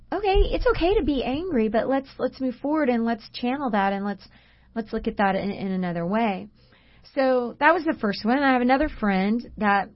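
A woman's voice: high-pitched, dull audio. A woman co-hosting a Christian radio talk show in a studio, telling stories about friends in an earnest way with frequent fillers. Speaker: radio show co-host and coach. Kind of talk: faith-based radio talk.

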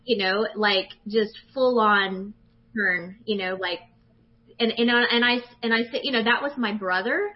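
A woman in her forties, a guest telling her personal faith testimony with animated emotion. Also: mid-range voice, measured pace. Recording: dull lo-fi sound.

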